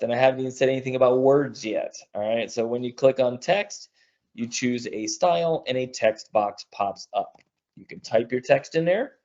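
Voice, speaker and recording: A man's voice: mid-range voice, darkish tone, muffled recording. A man in his thirties giving a live webinar demo, upbeat and chatty, with lots of "all right" as he moves along. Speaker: webinar presenter.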